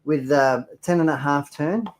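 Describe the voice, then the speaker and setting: A man's voice: fairly high pitch, a little slow, slight background noise. A young man with a playful, enthusiastic manner, presenting hobby products in a casual chat.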